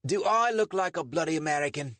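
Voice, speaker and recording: A man's voice: a little high, animated, fairly quick, fairly bright tone, no room sound, voice pushed up. A man voicing an American adventurer who fakes a brusque, indignant English accent in an audiobook.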